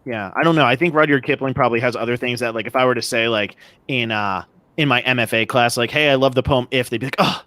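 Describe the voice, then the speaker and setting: A man's voice: mid-range voice, quick pace, pushed and bright, dry recording. Gushing man on a casual podcast. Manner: enthusiastic, gushing, joking. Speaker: podcast co-host. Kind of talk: casual chat.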